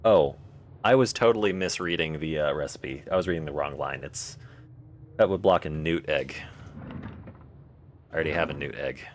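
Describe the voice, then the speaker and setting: A man's voice: very deep voice, moderate pace, long pauses, a little hiss or hum. A man live-streaming a game, joking and thinking aloud as he answers chat. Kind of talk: casual live-stream chat while playing.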